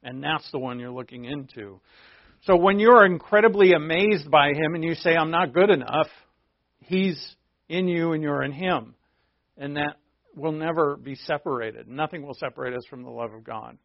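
A man's voice: fairly high pitch, moderate pace, no room sound. A man preaching a conversational sermon, explaining a Bible passage with frequent rhetorical asides. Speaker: pastor. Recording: dull lo-fi sound.

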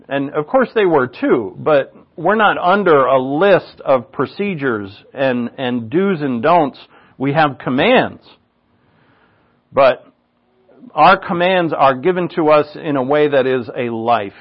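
An older man, a pastor, preaching a loose, conversational sermon full of asides and restarts. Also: mid-range voice. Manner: casual, rambling, with asides and restarts. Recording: dull lo-fi recording.

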